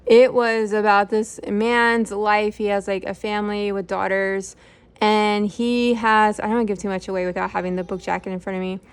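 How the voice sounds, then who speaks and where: A middle-aged book channel host talks casually about books she's read, her smooth, mid-range voice holding a level tone at normal speed. Her review chat rambles, packed with fillers and self-corrections.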